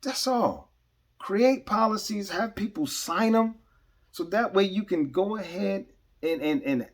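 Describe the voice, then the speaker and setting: A man's voice: sits high, darkish tone, breathy edge. Emphatic man giving earnest commentary. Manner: earnest and emphatic, stresses key words with repeated restarts. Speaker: podcast host. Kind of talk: unscripted commentary monologue.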